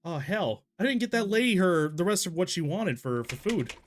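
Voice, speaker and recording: A man's voice: sits high, big pitch swings, normal speed, slight background noise. Swearing casual man streamer. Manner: rambling, swears freely, laughs at himself. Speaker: streamer playing a story game. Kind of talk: casual let's-play commentary.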